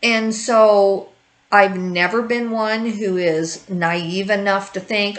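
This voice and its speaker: A woman's voice: mid-range voice, fairly even intonation, slow pace, poor audio. Rambling woman in her fifties. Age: 50s. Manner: rambling, talks in circles, with restarts. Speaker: grief-support video host. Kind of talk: candid personal talk to camera.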